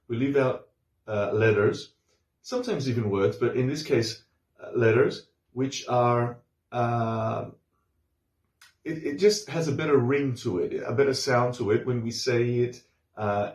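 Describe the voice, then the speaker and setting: A man teaching a casual English lesson, explaining slowly with many fillers and restarts and repeating example phrases. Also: mid-range voice, darkish tone, roomy sound.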